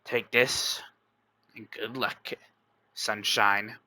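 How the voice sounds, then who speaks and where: A man voicing a doomed male contestant speaking quietly and with resignation. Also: medium pitch, fairly even intonation, a little slow, dry recording. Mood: resigned.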